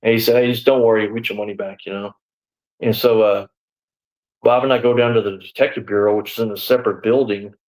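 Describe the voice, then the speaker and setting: A man's voice: on the low side, steady tone, fast talker, a little mellow, low-quality recording. A man in his sixties, a former deputy, telling his story in a live interview. He rambles a little, leans on "you know" and "man", and acts out the back-and-forth of the people he quotes.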